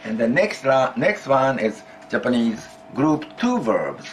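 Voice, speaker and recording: In a mid-range voice with big pitch swings, a man teaches a Japanese grammar lesson in English at an unhurried pace. He explains patiently, repeats key phrases and prompts his student to answer, with slight background noise.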